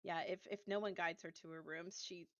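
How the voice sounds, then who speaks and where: A woman playing a tabletop game, describing her character's actions in a soft, hesitant way. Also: fairly low pitch, steady tone, brisk, no echo, muffled recording. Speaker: player. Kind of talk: casual tabletop game talk.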